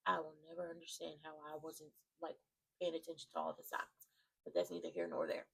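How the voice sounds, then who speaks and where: A woman giving an animated, slangy rant that recaps a wrestling show, with emphatic asides to her viewers. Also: deep voice, a little fast, gravelly. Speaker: wrestling commentary vlogger. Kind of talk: casual ranting recap.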